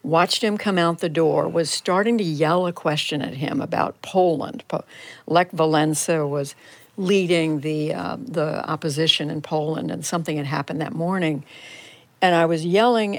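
Her voice deep and her pace moderate, with no room sound at all, an older woman journalist speaks as a radio interview guest from a converted home TV studio. She looks back on events thoughtfully and in detail, often starting her sentences over.

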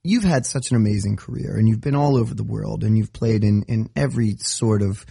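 A man hosting an interview, asking measured questions with some restarts. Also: fairly low pitch, gravelly, mellow, breathy edge, no room sound, clean studio sound. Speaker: radio host.

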